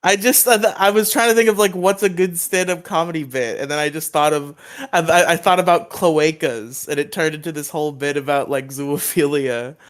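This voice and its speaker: A man with a somewhat high voice talks on a loose podcast. He stammers and restarts often and laughs easily while he explains things. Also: fairly even intonation, a little fast. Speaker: podcast co-host. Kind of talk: casual podcast chat.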